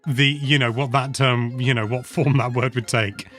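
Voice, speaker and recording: Male host, chatty and self-mocking, stumbling through restarts, mid-range pitch. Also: fairly even intonation, normal speed, a bit bright, faint music behind. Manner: hesitant, rambling, self-mocking. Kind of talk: casual chat.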